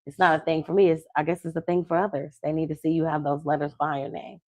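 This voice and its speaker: A woman who is a love coach and podcast host, chatting casually, telling lively stories and acting out the people she quotes, with slangy talk. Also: sits low, quick pace, no room sound. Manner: animated storytelling, acts out quoted people; slangy, conversational.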